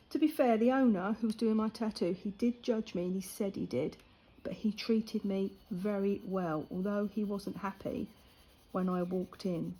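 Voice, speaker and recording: Older woman, mellow husky voice. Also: mid-range voice, rough recording. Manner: chatty storytelling with lively retold quotes. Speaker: vlogger. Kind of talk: casual chat while colouring.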